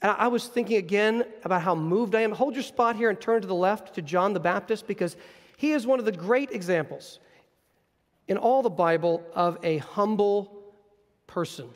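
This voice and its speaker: A man's voice: high-pitched, moderate pace. A male pastor delivering a sermon in an earnest, explanatory way, with frequent restarts, in a church. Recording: long reverb of a large hall.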